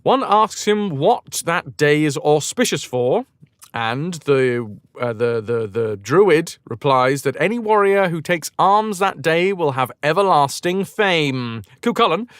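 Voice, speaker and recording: A man's voice: on the high side, slow pace, smooth, dry recording, studio quality. A man streaming who retells a legend casually, with profane jokes and asides. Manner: animated, profane, jokey asides.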